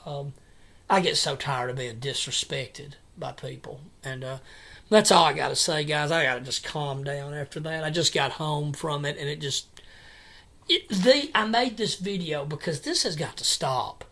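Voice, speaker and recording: A man in an angry personal vlog rant at home at night, agitated and repetitive, with halting restarts. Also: fairly high pitch, creaky, pushed and bright. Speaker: vlogger.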